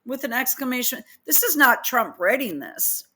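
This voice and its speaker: A woman's voice: high voice, big pitch swings, normal speed, hardly any pauses, bright, forceful tone. A woman reading posts aloud and picking apart their grammar in an exasperated, incredulous casual rant. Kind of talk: casual ranting commentary.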